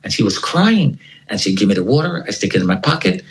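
Speaking fast in a fairly low, sing-song voice, this man is an interview guest recounting a gripping personal story. He tells it dramatically and repeats words for effect; the storytelling is animated, and the audio quality is poor.

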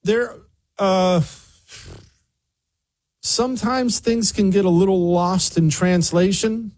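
A man hosting a talk show who tells a digressive travel anecdote to his co-host in a lively way. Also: a little high. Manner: animated, digressive storyteller.

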